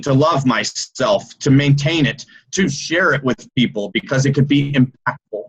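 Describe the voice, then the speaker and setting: A man's voice: mid-range voice, husky, low-quality recording. A business coach on a video call, a man telling a story with lots of energy and tagging his sentences with "right?" and "okay?". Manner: loud and animated, by his own account. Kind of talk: motivational talk on a video call.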